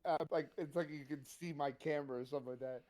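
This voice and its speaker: A man's voice: fairly high pitch, quick pace. A man co-hosting a sports podcast, joking and swearing in casual chat. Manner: profane, joking, animated. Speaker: podcast co-host.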